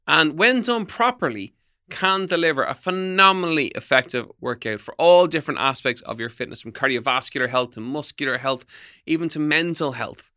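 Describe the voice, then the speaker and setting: Middle-aged male podcast host, bright voice, emphatic coaching delivery. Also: fairly high pitch, expressive, fairly quick. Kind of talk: solo podcast talk, tips.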